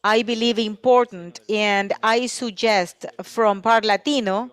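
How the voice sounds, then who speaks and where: A woman working as a simultaneous interpreter at a panel discussion, speaking in a steady, even way with frequent pauses as she keeps up with the speaker. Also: medium pitch, a little hiss or hum. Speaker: conference interpreter.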